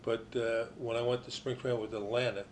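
An older man spins rambling, animated anecdotes from his playing days, breaking off and restarting as he goes. His voice sits at an ordinary middle pitch. A faint hum runs under the recording. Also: a little fast. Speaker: former ballplayer telling stories. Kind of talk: casual storytelling interview.

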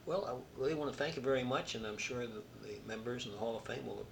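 A man's voice: mid-range voice, fast talker, gravelly, noisy background. A man interviewing a guest for an oral history, giving brief encouraging responses.

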